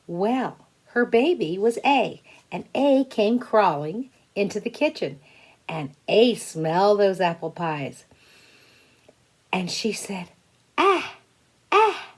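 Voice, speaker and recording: A woman teacher tells a silly story to young children. Her speech is slow and deliberate, and her pitch rises and falls in a lively, expressive way. She invites the little listeners to join in. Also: breathy edge.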